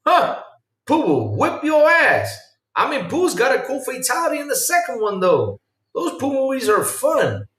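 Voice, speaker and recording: A male podcast host chatting casually on a livestream and reacting to viewer comments, excitable and rambling, swinging between low mumbles and loud outbursts. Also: unhurried. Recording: roomy sound from a distant mic.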